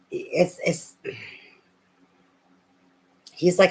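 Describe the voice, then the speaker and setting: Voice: medium pitch, expressive, normal speed, pauses often, poor audio. Blunt, profane tarot reader. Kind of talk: casual spoken tarot reading.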